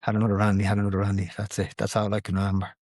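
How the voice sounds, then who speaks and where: A man with a Dublin Irish accent, a podcast guest telling his own story in casual chat, lively and swearing freely. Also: fairly low pitch, racing, dry recording, clean studio sound.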